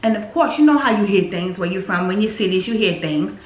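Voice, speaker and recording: A woman tells her own story in a casual testimony, addressing her viewers directly as a group. She leans on repetition to drive each point home. Her voice sits at an ordinary middle pitch and rings around a roomy, echoing space. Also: lively intonation, fairly quick. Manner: emphatic, repeats phrases for weight; speaks directly to viewers as "y'all". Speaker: faith vlogger sharing her testimony.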